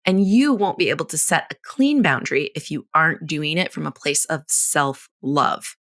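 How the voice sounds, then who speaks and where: A woman in her thirties hosting a solo podcast, coaching in a blunt, frank and animated way, swearing casually and laughing often. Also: sits low, moderate pace. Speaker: podcast host.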